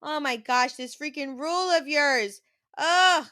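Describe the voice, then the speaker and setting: Woman co-host, high bright voice, exasperated reactions, remote call. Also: normal speed. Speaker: podcast co-host. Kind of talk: casual chat reactions.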